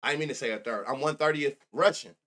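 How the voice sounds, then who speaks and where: A man's voice: mid-range voice, fast, bright, forceful tone. Profane rambling man streaming betting picks. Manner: rambling, profane, joking, talks to chat. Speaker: sports betting show host. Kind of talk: casual live-stream chat.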